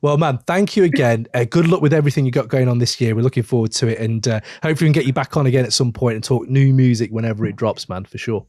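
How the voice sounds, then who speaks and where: A man's voice: medium pitch, very fast, hardly any pauses, a little mellow, no room sound. English guy hosting a music podcast, friendly, repeats himself, dry close sound. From England. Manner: friendly, upbeat, repeats phrases. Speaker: podcast host. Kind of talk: casual interview chat.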